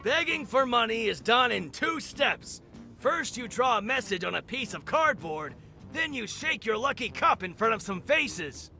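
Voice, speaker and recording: A high gravelly game tutor. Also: male voice, sing-song, a little slow, pushed and bright, faint music behind, heavily acted. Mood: instructing.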